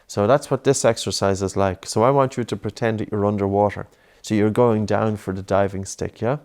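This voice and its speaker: A man coaching a child through breathing exercises, patient and encouraging, with many gentle repeated prompts. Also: lowish voice, steady tone, a little fast.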